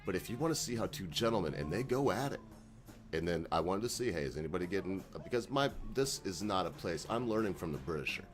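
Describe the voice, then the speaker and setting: A man's voice: sits low, lively intonation, fast talker, faint music behind. A man hosting his own video channel, talking in a folksy, rambling monologue with chuckling asides. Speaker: channel host.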